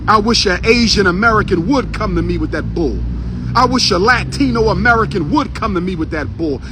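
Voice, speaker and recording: A man's voice: high voice, a bit bright, a little hiss or hum. A man giving a fiery outdoor speech to a crowd, repeating his lines with a preacher-like cadence. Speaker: street speaker. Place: outdoors on a city street by a historical marker.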